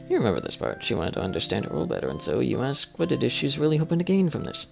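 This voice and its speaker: A man's voice: mid-range voice, wildly swooping pitch, very fast, vocal fry, hardly any pauses. A man reading a game aloud with casual, swearing, joking commentary as a game streamer. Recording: slightly dull audio with faint music.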